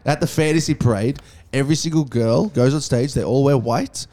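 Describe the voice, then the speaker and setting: A man's voice: medium pitch, a little fast. A young man, telling crude, swear-filled stories in a casual podcast chat. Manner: crude, swearing, animated storyteller. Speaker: podcast co-host.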